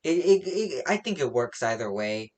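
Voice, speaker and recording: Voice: medium pitch, big pitch swings, moderate pace, a little mellow. A comic fan recapping a new chapter in a loose, rambling way, full of fillers and restarts. They chuckle at their own mistakes and drift into personal opinions as they go. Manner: rambling, many fillers, laughs at own slips. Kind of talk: casual spoken recap and opinion.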